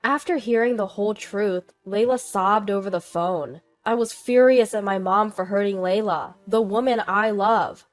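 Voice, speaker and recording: A woman reading a first-person family drama as scripted narration, in an even, steady manner. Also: mid-range voice, normal speed, hardly any pauses, faint music behind.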